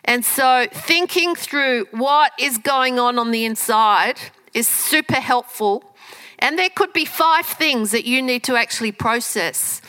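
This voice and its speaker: A woman giving a lively talk to an audience, often restarting her sentences. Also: on the high side, unhurried, clean tone, low-quality recording. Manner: lively, animated, with frequent fillers and restarts. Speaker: speaker teaching communication skills.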